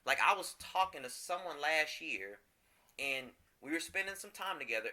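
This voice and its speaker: A man's voice: a little high, lively intonation, moderate pace, sharp tone. A man co-hosting a casual podcast, talking openly about his feelings with frequent restarts and fillers. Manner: candid, emotional, rambling with many restarts. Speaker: podcast co-host.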